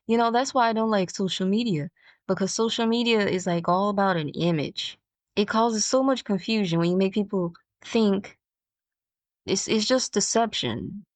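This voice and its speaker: A woman's voice: medium pitch, no room sound. Woman podcaster thinking aloud, dry sound. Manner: thinks out loud, halting and searching for words. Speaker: podcast host. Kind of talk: reflective solo podcast monologue.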